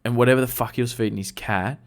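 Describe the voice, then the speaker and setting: A man's voice: medium pitch, fairly even intonation, racing. A man tells crude stories from his working days on a casual podcast. He rambles, piles on slang and swears freely, in an ordinary mid-range voice. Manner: profane, rambling, heavy slang. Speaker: podcast co-host. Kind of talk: casual storytelling.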